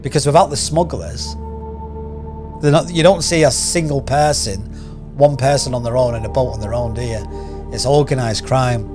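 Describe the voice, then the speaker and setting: A man's voice: mid-range voice, moderate pace, music in the background. A man hosting a casual news commentary channel, rambling and firing off rhetorical questions. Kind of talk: casual opinion commentary to camera.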